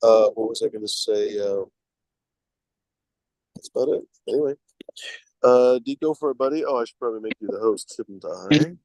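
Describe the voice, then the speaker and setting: A man's voice: fairly low pitch, a little mellow, no echo, poor audio. A man hosting a casual video stream, rambling and stopping often to find his words. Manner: rambling, halting with fillers. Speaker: show host. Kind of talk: casual livestream chat.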